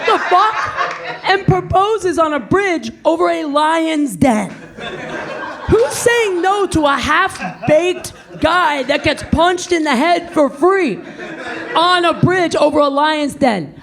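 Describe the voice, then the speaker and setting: A woman doing a brash, profane stand-up set on a comedy club stage, into a handheld mic. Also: high-pitched. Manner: brash, profane, animated storytelling. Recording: live club audience laughing. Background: crowd laughing and cheering.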